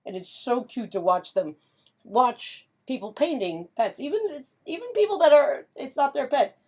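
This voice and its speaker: A woman's voice: high voice, expressive, normal speed, a little mellow, slightly rough. A woman chatting her way through a casual watercolor painting demonstration, upbeat and full of fillers, humming little tunes as she works. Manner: chatty and upbeat, with frequent fillers and hummed doo-doo sounds. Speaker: pet portrait artist and painting instructor.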